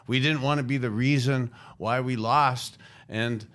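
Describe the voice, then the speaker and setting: A man's voice: medium pitch, steady tone, measured pace, fairly bright tone. A middle-aged man co-hosting a talk show in a studio, chatting with jokey, affirming remarks. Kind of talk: casual talk show banter. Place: radio studio.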